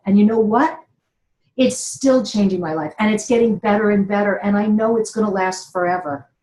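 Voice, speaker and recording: A middle-aged woman speaks earnestly and with feeling, sharing a personal story as a motivational talk. Her voice sits at an ordinary pitch, and the room around her has a noticeable echo. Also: a little mellow. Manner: earnest and emotional, laughs between words. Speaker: inspirational speaker. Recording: roomy echo.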